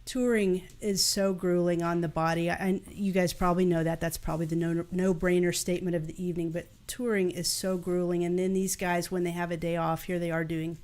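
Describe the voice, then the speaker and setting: A woman's voice: fairly low pitch, flat delivery, a little fast, hardly any pauses, a little mellow. A woman hosting a live music stream, upbeat and gushing as she thanks a guest and promotes upcoming shows. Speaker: host. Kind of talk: live stream interview and outro.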